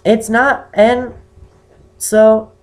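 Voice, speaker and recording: An eighteen-year-old man with a naturally high voice, chatting to camera in a rambling, self-conscious way. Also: little pitch movement, drawn-out words. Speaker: vlogger answering a viewer question. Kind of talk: casual chat to camera.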